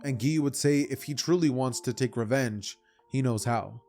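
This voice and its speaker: A young man casually retelling a fan-fiction story for his channel, rambling and animated with side comments. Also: mid-range voice, moderate pace, faint music behind. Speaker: YouTuber.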